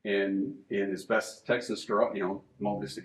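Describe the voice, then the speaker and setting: A man moderating a panel, telling an anecdote in a relaxed storytelling way. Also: on the low side, measured pace, few pauses. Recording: echoey room.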